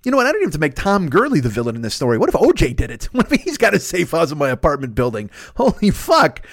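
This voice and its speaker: A man in his fifties, a podcast host rambling through a profane, animated casual monologue. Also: fairly high pitch, quick pace, dry recording, studio quality. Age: 50s.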